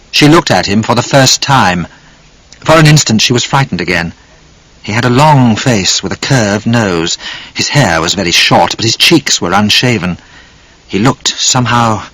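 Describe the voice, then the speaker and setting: Husky man narrating an audiobook. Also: medium pitch, fairly bright tone, no echo, low-quality recording.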